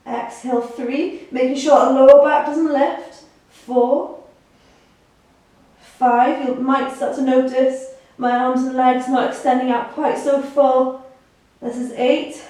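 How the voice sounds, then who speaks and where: A woman's voice: high-pitched, mellow. A woman fitness instructor guiding a core workout, counting reps aloud and encouraging the listener. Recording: echoey room, mic at a distance.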